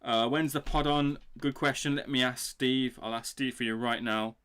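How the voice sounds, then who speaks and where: Young male streamer, excitable live reaction host, salty language, medium pitch. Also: normal speed, smooth. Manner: excitable, swears freely, talks to chat. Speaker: livestream boxing reaction host.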